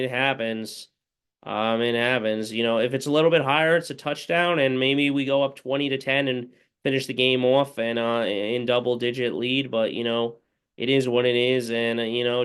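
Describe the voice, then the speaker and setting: A man's voice: mid-range voice, fairly bright tone, clear, resonant tone. A man giving a casual play-by-play recap of a football game as a fan, rambling and full of fillers. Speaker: fan commentator.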